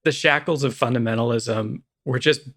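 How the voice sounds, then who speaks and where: A man's voice: medium pitch, normal speed, fairly bright tone. A man co-hosting a podcast, telling a rambling, self-deprecating story in casual chat. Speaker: podcast co-host.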